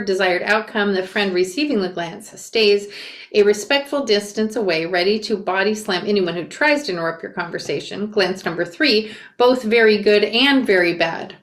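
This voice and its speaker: A woman with a medium-pitched voice reads a memoir aloud, reacting as she goes with quick asides and self-corrections. The recording has a roomy echo.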